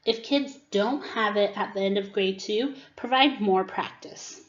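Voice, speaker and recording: A woman giving a teacher-training presentation on reading skills, acting out classroom prompts as she explains them. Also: medium pitch. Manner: demonstrates classroom prompts, slow and deliberate. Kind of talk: instructional presentation. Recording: dull, roomy recording.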